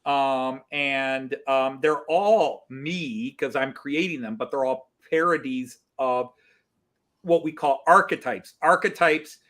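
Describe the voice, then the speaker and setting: A man hosting a casual group chat, talking in a rambling, animated way with many restarts. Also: medium pitch, slow pace. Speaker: host.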